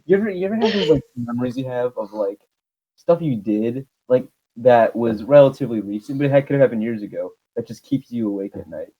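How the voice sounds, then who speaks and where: A man's voice: mid-range voice, brisk, dark tone, husky. A teenage man hosting a casual podcast with friends, rambling and jokey as he wraps things up. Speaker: podcast host. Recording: dull lo-fi sound.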